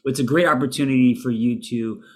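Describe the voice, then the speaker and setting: Man co-hosting a relaxed advice chat. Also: medium pitch, a little fast, slightly rough. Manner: relaxed, hesitant with fillers and restarts. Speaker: podcast co-host.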